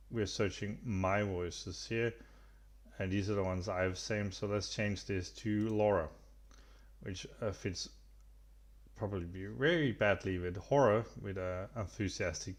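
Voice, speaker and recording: A man guides viewers through a screen-recorded software tutorial. His voice sits a little low, and he talks in a relaxed, unscripted way. He pauses, backs up and restarts his sentences as he goes. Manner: relaxed, halting, with many fillers and restarts. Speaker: tutorial host.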